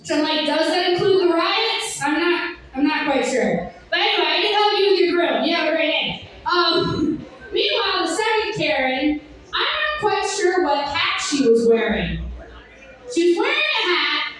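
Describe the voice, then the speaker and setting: A young woman doing a stand-up comedy set with a sardonic, rambling delivery, breaking into sung and shouted bits. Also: extremely high pitch, very animated, moderate pace. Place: comedy club stage. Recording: echoey club from far off.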